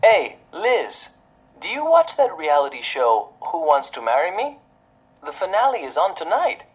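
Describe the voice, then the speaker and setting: A woman voicing a speaker on a textbook listening track, chatting about a TV show and reading numbered items in a measured way. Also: deep voice, very animated, husky, full character voice. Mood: chatty. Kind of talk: scripted listening dialogue.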